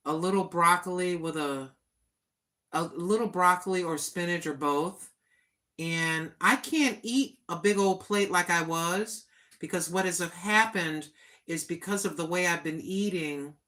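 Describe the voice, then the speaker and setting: A woman's voice: fairly low pitch, pushed and bright. An older woman, a senior citizen, talking in a plain-spoken, chatty and earnest way on her own livestream. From United States. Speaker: vlogger. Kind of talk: casual livestream chat.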